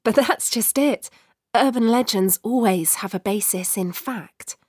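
A woman's voice: fairly high pitch, measured pace, husky, no echo, clean studio sound, pitched above the performer's own voice. Woman reading an eager young traveller. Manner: eager, earnest. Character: hopeful young woman traveller and aspiring writer.

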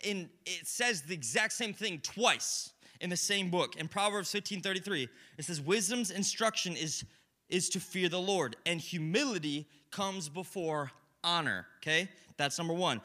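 A young man preaching a sermon in a conversational, animated way, swinging between loud bursts and hushed moments. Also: sits high, moderate pace.

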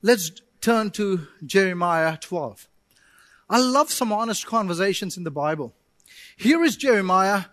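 A man with a strikingly high voice delivers a sermon as a pastor. He preaches with animation, drops playful asides and acts out prayers to God. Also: lively intonation, a little slow, a bit bright, no echo.

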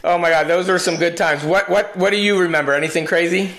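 A man's voice: high-pitched, fairly even intonation, fast talker, a bit bright. A married man hosting a casual chat, animatedly retelling old pranks and laughing often.

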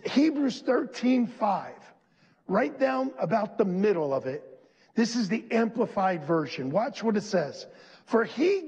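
A male pastor preaching a sermon, leading the congregation to repeat lines back, slowing on key phrases and building to shouts. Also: high voice, breathy edge, big-room sound, highs cut off. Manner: slows and stresses key phrases, rising to shouts. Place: church.

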